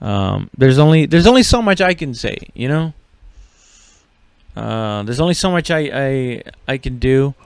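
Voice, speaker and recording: A man's voice: medium pitch, very animated, measured pace, gravelly, smooth, no echo. A man hosting a comedy podcast, rambling and swearing casually with lots of fillers and laughs. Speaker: podcast host.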